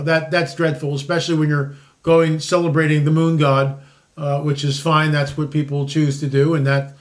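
60s guy ranting on his own show, sarcastic, keeps restarting, pretty high voice. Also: a bit bright. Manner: rambling, sarcastic, restarts often. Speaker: commentary show host. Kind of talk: opinionated solo commentary.

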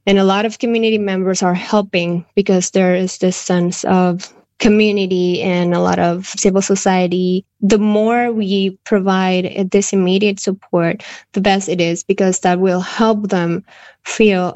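A woman's voice: on the low side, darkish tone, no echo. A woman charity volunteer speaking steadily and earnestly in a news interview.

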